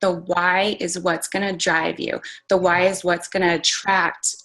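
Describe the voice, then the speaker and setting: A fitness coach talks a group call through her takeaways, casual yet sincere, peppering her speech with "like" and "you guys". Her lowish voice is level and unhurried but sounds pushed and bright, and the conference-call audio is poor.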